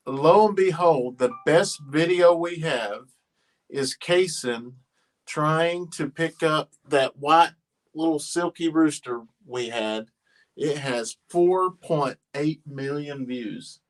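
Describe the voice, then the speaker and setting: A middle-aged man hosts a farm channel livestream, chatting casually about his farm and family. He rambles and halts with many fillers, his voice fairly high.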